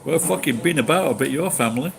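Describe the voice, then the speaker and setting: A middle-aged man from Yorkshire, chatting casually on a livestream, rambling and halting, speaking slowly and swearing now and then. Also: on the high side, gravelly, poor audio. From Yorkshire, England. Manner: talks slowly and deliberately. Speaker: livestream host. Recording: steady background noise.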